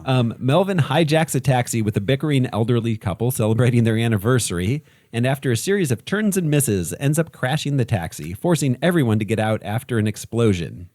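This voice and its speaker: A man with a lively, up-and-down voice laughs his way through a movie recap, cutting in to push the story forward. His voice is dry and close to the mic. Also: mid-range voice, brisk, hardly any pauses, dry recording. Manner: laughs often, jumps in to move the recap along. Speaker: podcast co-host. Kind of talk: casual chat.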